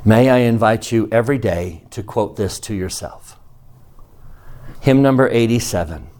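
A man teaching a scripture class, emphatic and animated, calling on students by name in a classroom. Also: fairly low pitch, moderate pace. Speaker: religion teacher.

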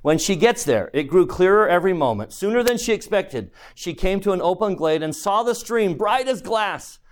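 A man's voice: high voice, animated. Earnest male preacher. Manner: earnest, swings between soft and loud, slows for emphasis. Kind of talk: sermon.

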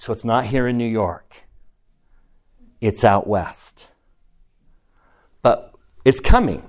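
A man's voice: medium pitch, expressive, slow, pauses often, dark tone. A man teaching a scripture lesson to a class, emphatic and asking the room questions as he reads verses aloud.

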